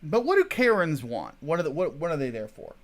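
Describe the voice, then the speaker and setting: Lively, profane man ranting on a livestream. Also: fairly high pitch, fairly quick. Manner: profane, digressive, chatty. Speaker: host. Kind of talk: casual livestream rant.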